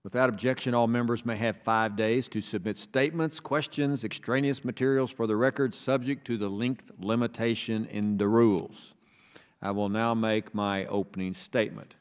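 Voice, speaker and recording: A man from Texas chairing a congressional subcommittee hearing, reading a formal opening statement in a measured, deliberate way and slowing down for emphasis. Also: fairly low pitch, steady tone. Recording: reverberant hearing room.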